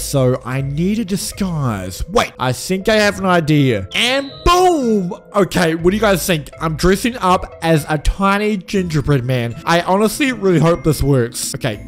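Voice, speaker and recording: Young guy hosting a roleplay game, super lively, gasps a lot, some music behind. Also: on the high side. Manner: excitable, gasping, addresses viewers as family. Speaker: gaming channel host. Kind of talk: let's-play role-play commentary.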